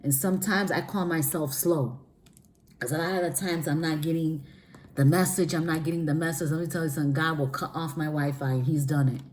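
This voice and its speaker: A woman talks in an easy, rambling way, her voice sitting a little low for a woman. She breaks into laughs and restarts her sentences as she shares a casual spiritual reading. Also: fairly even intonation, brisk, a little mellow, a little hiss or hum. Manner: rambling, chatty, frequent restarts; laughs often between phrases. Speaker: spiritual reader. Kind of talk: casual spiritual vlog talk.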